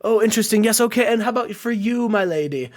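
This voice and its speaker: A man's voice: high voice, expressive, fast, voice pushed up. A man voicing a courteous male waiter taking orders. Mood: polite. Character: polite male restaurant waiter.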